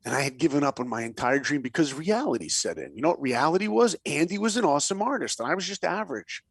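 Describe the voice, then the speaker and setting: A man's voice: a little high, fast, slightly rough, no room sound. A man telling stories as a guest in a podcast interview, acting out the voices in his anecdotes and dropping to a whisper for emphasis. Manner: lively storyteller, acts out quotes, drops to a whisper for emphasis. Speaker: guest, animator and director. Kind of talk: animated storytelling in a podcast interview.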